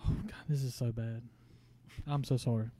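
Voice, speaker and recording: A man hosting a comedy bit, quickly feeding questions and playing the exasperated straight man. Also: mid-range voice, fairly even intonation, warm tone, dry recording. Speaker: comedy show host.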